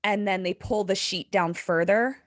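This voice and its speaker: A woman's voice: mid-range voice, moderate pace, dry recording. A woman retells a horror episode for a live podcast crowd. She is chatty and profane, with "like" in nearly every line. Her voice sits mid-range and sounds dry and close. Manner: animated, profane, full of "like". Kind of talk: casual live recap. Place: live event stage.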